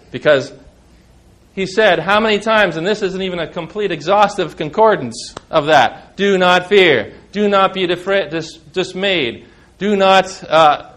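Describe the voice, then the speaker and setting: A man with a high-pitched voice delivers a sermon, lifting his voice whenever he quotes scripture. Between the verses he talks to the congregation in a plain, conversational way, asking them questions. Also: a bit bright. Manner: emphatic, rising when quoting scripture, conversational asides to the congregation. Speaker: pastor.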